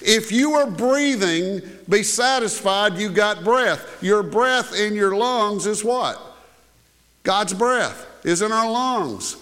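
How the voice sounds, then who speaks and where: Pastor guy, folksy storytelling sermon, kinda higher voice for a man, chatty asides. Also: expressive, slow pace, a bit bright.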